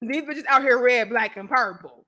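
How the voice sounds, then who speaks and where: High, bright St. Louis woman host. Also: moderate pace. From St. Louis, USA. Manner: animated, profane, laughs often, riffs on viewer comments. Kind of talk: livestream commentary to viewers.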